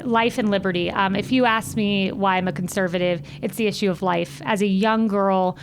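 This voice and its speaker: A thirtysomething woman in an interview tells her personal stories with heartfelt sincerity, animating them as she goes. Her voice is mid-range, her speed normal, and background noise can be heard.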